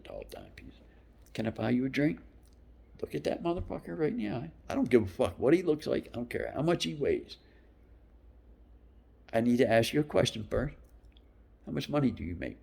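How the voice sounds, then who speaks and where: A man in his fifties telling rambling stories, profane and loose, dropping into whispered asides between louder bursts. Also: medium pitch, gravelly, husky. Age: 50s. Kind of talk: rambling storytelling monologue.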